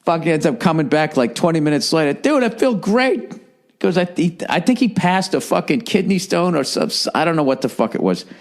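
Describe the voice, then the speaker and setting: A man's voice: on the high side, expressive, fairly quick, hardly any pauses. A middle-aged man with a Boston accent hosting his own podcast, telling a story in a rambling, profane, casual monologue. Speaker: podcast host.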